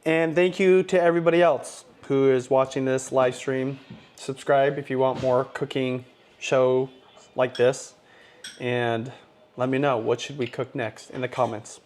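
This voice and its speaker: A man's voice: mid-range voice, level tone, measured pace, darkish tone, slight background noise. A man hosting a cooking live stream from his home kitchen, chatty and upbeat, talking straight to his viewers. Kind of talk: casual live-stream chat.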